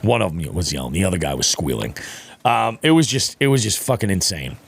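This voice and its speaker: Animated, profane man telling a fishing story. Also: deep voice, a little fast, gravelly, breathy edge, no room sound. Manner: profane, animated, acts out quotes. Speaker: podcast speaker. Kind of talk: casual storytelling chat.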